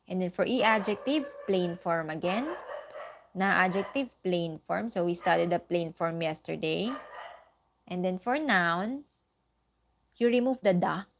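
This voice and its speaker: Unhurried woman, Tagalog first language, walking students through grammar online. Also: background noise. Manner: slow, patient explaining with frequent "okay" and "so"; lifts her pitch sharply for example sentences. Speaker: Japanese language teacher.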